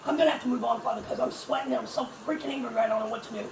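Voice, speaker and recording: High, gravelly woman ranting from afar. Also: rapid-fire. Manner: profane, emphatic ranting. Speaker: commentator. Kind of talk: heated religious commentary. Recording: echoey room, distant mic, noisy.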